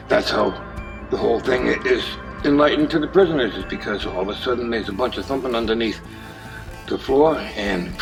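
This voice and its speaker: A man casually pitching a movie idea in a meandering monologue, with restarts and uneven loudness. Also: distant mic, poor audio.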